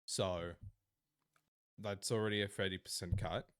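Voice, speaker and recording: An Australian man streams a game and chats casually with viewers, swearing freely. He swings from low mumbles to sudden loud outbursts, though his intonation stays fairly even and his pace unhurried.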